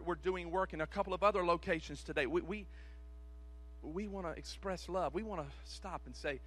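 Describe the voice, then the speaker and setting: A man pastor delivering a sermon to his church, swinging between shouted calls and hushed, quick asides in a rhythmic, repetitive preaching cadence. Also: high-pitched. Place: church service.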